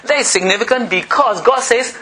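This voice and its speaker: A middle-aged man preaching a sermon as pastor, swinging between loud, emphatic passages and soft, confiding asides. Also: extremely high pitch, brisk, background noise.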